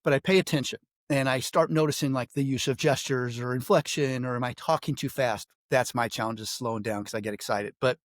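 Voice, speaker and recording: A man's voice: medium pitch, steady tone, a little fast, few pauses, no room sound, clean studio sound. A man hosting an interview, talking in a conversational, reflective way. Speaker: interview host. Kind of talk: casual interview chat.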